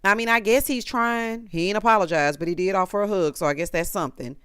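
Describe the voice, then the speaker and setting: A woman's voice: medium pitch, fast, a bit bright, clear, resonant tone, dry recording, studio quality. A woman recapping a reality TV episode in casual, sassy commentary, talking straight to her viewers.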